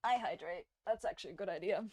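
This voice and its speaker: A woman's voice: lowish voice, fast, darkish tone, no room sound. A young woman streamer whose first language is Latvian, rambling casually while she draws, swearing now and then and answering her chat. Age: young adult.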